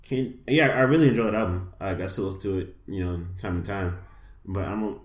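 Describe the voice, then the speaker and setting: A man co-hosting a casual podcast chat, relaxed and opinionated. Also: low-pitched, a little fast, reverberant. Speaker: podcast co-host.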